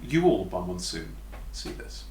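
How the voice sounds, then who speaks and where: A British man running a tabletop game as dungeon master, narrating scenes slowly and vividly between bursts of laughter. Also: sits low, big pitch swings. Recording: roomy echo, faint background noise.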